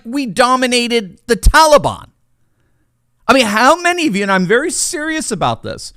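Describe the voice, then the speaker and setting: A man's voice: high-pitched, a bit bright, no echo, studio quality. A middle-aged man giving an impassioned, sarcastic political commentary monologue.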